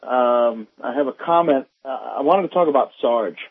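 A man calling into a radio talk show, speaking in a halting, heated way full of restarts. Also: medium pitch, breathy edge, dry recording. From northern United States. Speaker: caller. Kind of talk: call-in radio comment. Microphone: phone. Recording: tinny phone line.

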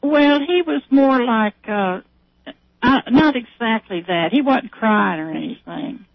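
A woman's voice: on the high side, animated, measured pace, vocal fry, no room sound. Woman caller, chatty and rambling, dry phone-line sound. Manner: rambling retelling with many fillers. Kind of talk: casual chat.

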